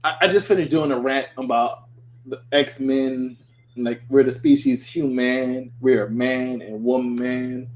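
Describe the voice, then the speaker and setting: A man hosting a podcast, reading a script aloud and breaking off into excitable, riffing commentary. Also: medium pitch, slow pace, slight background noise. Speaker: podcast host. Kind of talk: casual chat while reading a script aloud.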